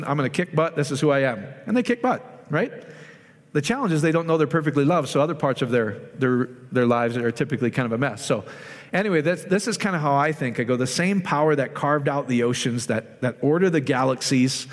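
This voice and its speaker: Guy preaching to a small group, chatty, keeps asking the room questions, voice jumps up when excited, echoey hall. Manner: conversational, asks the audience questions, rises in pitch when excited. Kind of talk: informal sermon to a small group.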